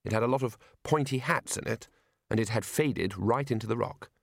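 A man narrating an audiobook in a wry, expressive storytelling manner. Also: mid-range voice, fairly quick, gravelly. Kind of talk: scripted narration.

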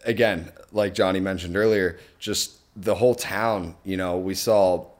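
Young american dude, really deep voice, earnest and thankful, kinda halting. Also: male voice, fairly even intonation. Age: young adult. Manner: earnest, grateful, with halting restarts. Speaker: podcast co-host. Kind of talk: casual chat.

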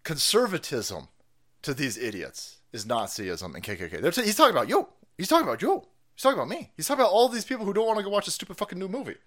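Brief: foul-mouthed male stream host, high and lively, sarcastic rant. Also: fast talker. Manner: profane, mocking, animated. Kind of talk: livestream rant commentary.

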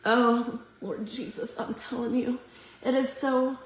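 A woman's voice: on the high side, fairly even intonation. A woman giving an earnest, emotional devotional sermon to women, teary as she reads scripture aloud. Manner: earnest, emotional, slow and prayerful. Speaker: women's ministry speaker. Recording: echoey room.

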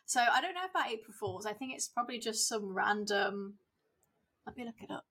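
A young woman chats on a casual podcast, animated and lively as she acts out what other people said. Her voice sits a bit high and rings bright. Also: brisk. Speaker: podcast co-host. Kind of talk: casual chat.

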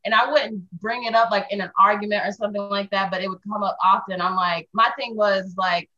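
A young woman in casual group talk, candid and reflective about her own mistakes. Her voice is bright, and the recording sounds dull and lo-fi. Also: medium pitch, steady tone, fairly quick. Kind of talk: casual podcast chat.

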